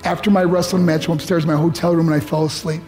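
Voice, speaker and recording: Male motivational speaker from New York, fairly high voice, earnest storyteller, faint music underneath. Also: level tone, rapid-fire, darkish tone. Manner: earnest storytelling with vivid acted-out dialogue. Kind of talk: motivational talk to high school students.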